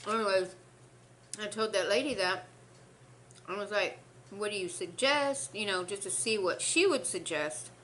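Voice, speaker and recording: A woman's voice: medium pitch, measured pace, pauses often, fairly bright tone, a little hiss or hum. A young woman, rambling through a story between bites on her eating show. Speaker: mukbang host. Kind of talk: casual eating-show chat.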